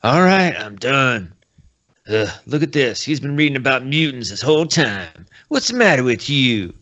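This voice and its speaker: A man's voice: medium pitch, sing-song, normal speed, a bit bright, muffled recording. A man voicing a crotchety old man who whines and complains indignantly in a library. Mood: grumbling.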